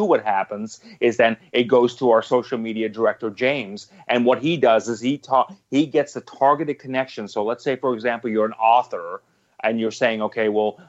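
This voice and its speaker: A man's voice: mid-range voice, muffled recording. A man answering interview questions about his business, emphatic and repetitive, often restarting his sentences. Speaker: guest, business owner.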